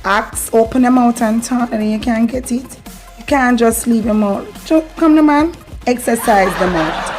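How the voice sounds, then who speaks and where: A young Jamaican woman vlogging casually as she teaches patois, playful and animated, repeating phrases for effect. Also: on the high side, normal speed, over music.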